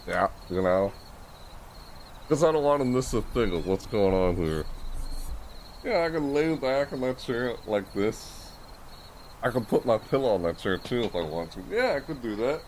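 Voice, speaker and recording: A male streamer talks to his chat from his bed, rambling and repeating himself as his voice leaps wildly up and down. He drifts from quiet murmurs to sudden yells, heard through a microphone cranked all the way up, with a faint hiss underneath. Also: lowish voice, measured pace, long pauses. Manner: rambling, repetitive, animated, often yelling to chat. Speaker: streamer reacting live. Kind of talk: casual live-stream chatter. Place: bedroom, lying on bed. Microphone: desk mic with gain turned all the way up.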